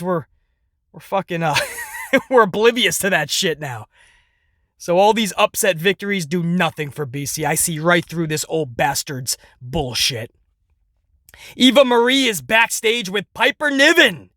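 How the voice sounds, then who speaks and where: Sarcastic, foul-mouthed man with a bright voice. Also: high-pitched, a little slow, no echo, clean studio sound. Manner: profane, sarcastic, animated. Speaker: podcast host. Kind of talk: casual wrestling commentary.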